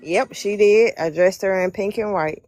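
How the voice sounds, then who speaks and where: A woman's voice: medium pitch, normal speed, darkish tone. A woman being read by a psychic on a live stream, answering with short, firm confirmations. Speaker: sitter receiving a reading. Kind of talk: casual call-in answers.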